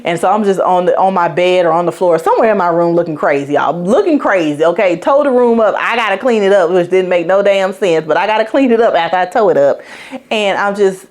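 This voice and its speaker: A woman's voice: on the low side, fairly quick, a little mellow. A woman hosting a podcast, telling a personal story in a frank, chatty way and speaking straight to her listeners. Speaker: podcast host.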